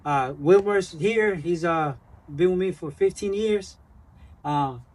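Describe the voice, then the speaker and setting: A small business owner giving a chatty, rambling thank-you message full of fillers. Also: male voice, sits high, slow pace, a little mellow, poor audio.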